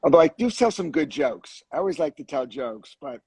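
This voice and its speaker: A man, a surgeon co-hosting a live video chat, talking casually with halting restarts and laughing at his own jokes. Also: a little high, very animated, a little mellow, breathy edge, no room sound, rough recording. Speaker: hair restoration surgeon, co-host. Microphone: video call.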